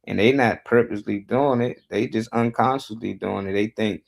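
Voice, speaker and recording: A man's voice: fairly low pitch, moderate pace, vocal fry, few pauses. A man talking bluntly and casually on a live talk show, laid-back and profane as he tells his views.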